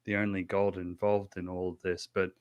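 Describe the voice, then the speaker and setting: A man's voice: low voice, level tone, normal speed, clear, resonant tone, highs cut off. A man narrating as game master, with many restarts and fillers.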